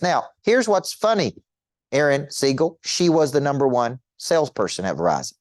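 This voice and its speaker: A man's voice: medium pitch, big pitch swings, normal speed, dry recording, studio quality. A middle-aged man coaching an audience in a motivational teaching talk, emphatic and repetitive, firing rhetorical questions at listeners.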